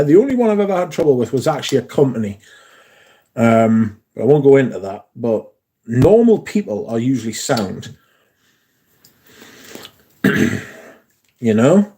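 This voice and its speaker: Husky man chatting. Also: medium pitch, warm tone. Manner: chatty, rambling, reads out chat comments. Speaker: livestream host. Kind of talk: casual livestream chat.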